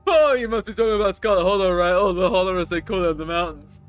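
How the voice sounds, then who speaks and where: A game streamer reading the lines of a chatty, rough male stranger on a bus, telling crude stories in a rambling way. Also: mid-range voice, fast, faint music behind, voice pushed up, close to an everyday voice.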